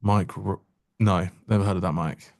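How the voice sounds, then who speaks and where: A man's voice: sits low, fairly even intonation, moderate pace, creaky, a little mellow, no echo. A man giving casual live-stream trading commentary, joking wryly and answering chat aloud into a close mic.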